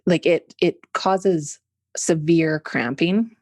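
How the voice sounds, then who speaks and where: A woman's voice: sits low, takes it slowly, darkish tone, no room sound, studio quality. A Canadian woman in her forties, a podcast guest talking openly and explaining each step, with a slight tickle in her throat. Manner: open, candid, explains step by step. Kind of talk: conversational interview.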